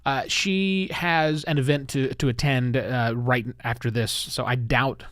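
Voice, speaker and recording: A man hosting a live-streamed solo podcast, lively and chatty, with self-deprecating asides. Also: mid-range voice, a little slow, no echo, studio quality. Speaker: podcast host.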